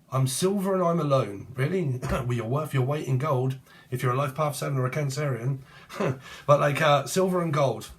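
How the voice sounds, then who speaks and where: A man's voice: a little high, a bit bright. A man giving a rambling tarot reading, free-associating between word plays and names in a casual, slangy way. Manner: casual, swears and uses slang. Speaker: tarot reader.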